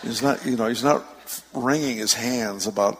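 A man preaching a sermon, telling stories with lively emphasis and easy laughs. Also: mid-range voice, normal speed, a little hiss or hum. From San Francisco Bay Area. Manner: storytelling, animated with laughs and rising emphasis. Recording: long hall reverb.

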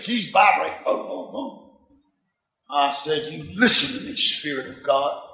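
A man in his sixties delivers a sermon as a story, animated and quick to laugh. His voice sits high and carries a gravelly edge. The sound rings in an echoey room. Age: 60s. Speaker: preacher.

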